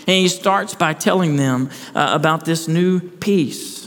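Heard in a sanctuary with long hall reverb, a pastor preaches in a slightly high, fairly bright voice at a measured pace. He is earnest, asks rhetorical questions and restarts phrases.

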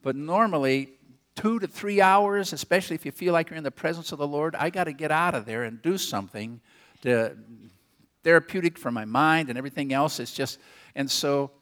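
An older man preaching a sermon as a rambling story, folksy and self-deprecating, with quick asides to the congregation and a rural turn of phrase. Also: fairly high pitch, a bit bright. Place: church auditorium. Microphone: handheld or headset mic.

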